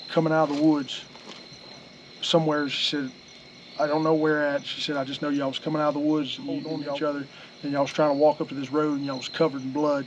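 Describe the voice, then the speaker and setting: A man's voice: a little high, slight background noise. A young man tells a story in a casual, folksy, rambling way, full of fillers and restarts. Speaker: storyteller host.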